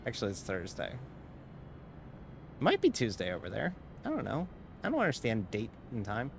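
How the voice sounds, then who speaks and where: A man's voice: medium pitch, huge pitch swings, normal speed, vocal fry, pauses often, slight background noise. A man casually commenting while streaming a sim race, rambling and joking and laughing often.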